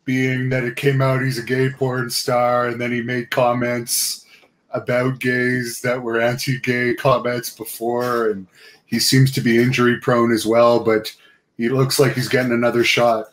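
Man, interviewer, flat monotone delivery, quick questions. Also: mid-range voice.

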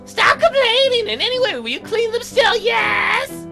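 A woman voicing a giddy, creepy young noblewoman in a sing-song, high baby-talk voice while playing a game. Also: sing-song, unhurried, gravelly, music in the background, exaggerated voice. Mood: gleeful. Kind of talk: let's play character voice.

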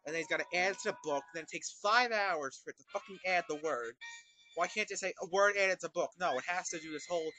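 A man commentating over his own gameplay, ranting in constant profane exasperation at a slow game. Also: on the high side, pushed and bright, low-quality recording. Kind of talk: let's play commentary. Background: video game music.

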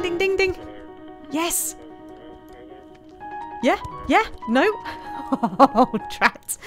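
A woman commenting casually as she plays a video game, chatty and often laughing, teasing the characters on screen. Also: fairly high pitch. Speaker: gaming streamer. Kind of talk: casual let's-play commentary.

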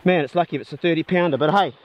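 A man's voice: fairly high pitch, rapid-fire, slight background noise. An older man with a New Zealand accent, chatting casually while hunting outdoors with his dogs. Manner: laid-back, chatty, bursts into loud praise for his dogs. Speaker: pig hunter and channel host. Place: outdoors in hill bush country.

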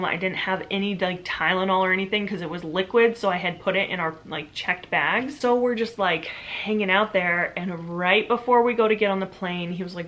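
Bright-voiced mom telling a vlog story. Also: female voice, fairly low pitch, brisk. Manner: chatty, lots of "like", animated retelling. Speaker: vlogger, mother.

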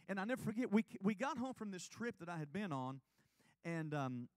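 Preaching from a church sanctuary, a man with a high voice tells his personal testimony with earnest, confessional sincerity. The recording is dry.

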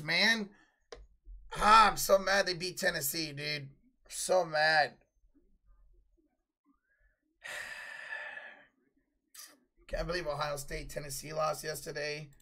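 A man with a notably high voice runs a live play-by-play stream, calling each possession and rising to loud calls on big plays. Between plays he relaxes into loose, profanity-laced chat with his viewers. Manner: casual, swears freely, answers chat.

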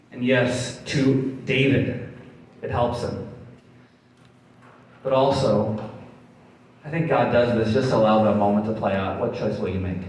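Man preaching in a very echoey hall. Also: mid-range voice. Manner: conversational, with laughing asides. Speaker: pastor. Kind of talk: sermon. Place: church hall. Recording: very echoey hall, distant mic.

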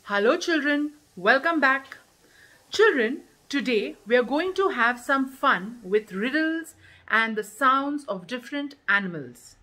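A woman with an Indian English accent, a kindergarten teacher warmly welcoming children to a lesson in an upbeat, encouraging way. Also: high-pitched, lively intonation, a little slow. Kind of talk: cheerful class introduction.

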